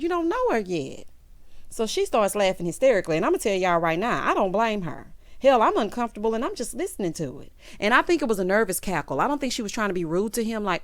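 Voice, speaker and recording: A woman hosting a casual reality TV recap, sassy and animated, calling listeners honey and baby. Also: mid-range voice, no room sound. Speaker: TV recap host.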